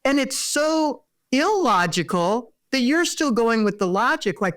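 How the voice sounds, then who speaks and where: A woman's voice: on the high side, big pitch swings, measured pace, hardly any pauses. A middle-aged woman therapist, a podcast guest, talking earnestly and explaining with everyday examples. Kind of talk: conversational interview.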